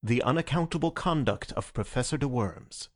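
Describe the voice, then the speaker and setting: This scripted audiobook narration comes from a man with a mid-range voice. He reads in a steady, measured, even manner.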